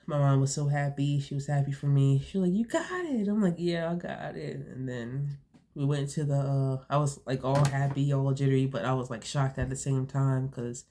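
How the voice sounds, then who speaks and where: Flat, mellow-voiced young woman vlogger. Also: rumbling low. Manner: rambling, heavy on fillers and restarts. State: sniffly from allergies. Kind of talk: casual storytelling to camera.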